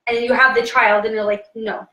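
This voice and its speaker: Young Irish woman panelist, blunt and frank, slightly high voice, roomy echo. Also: level tone, a little fast, pushed and bright. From Ireland. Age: young adult. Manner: frank, blunt, acts out quoted lines. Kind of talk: casual panel discussion. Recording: echoey room.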